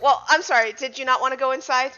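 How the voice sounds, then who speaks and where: A woman's voice: high-pitched, fairly even intonation, fast talker, bright, forceful tone, slight background noise. A woman narrating as game master of a tabletop superhero game, easygoing and laughing along with her players. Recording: dull lo-fi podcast audio.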